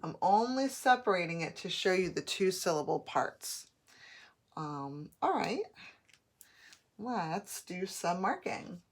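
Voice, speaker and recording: A woman teacher giving a patient phonics lesson, modeling each word slowly and clearly. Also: on the low side, big pitch swings. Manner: slow, patient, drawn-out modeling of words.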